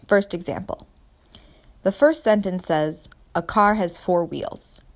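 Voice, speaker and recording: A woman teaching a speech and language lesson to her students, explaining slowly and clearly with example sentences. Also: medium pitch.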